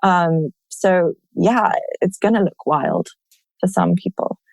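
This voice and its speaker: A woman with a lowish voice tells her own story in a candid, lively way, often stopping on "like" between phrases. The sound is dry and close, with no echo from the room. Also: takes it slowly, vocal fry. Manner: candid, animated retelling, many "like" fillers. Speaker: guest sharing her birth story. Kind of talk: personal storytelling in a conversation.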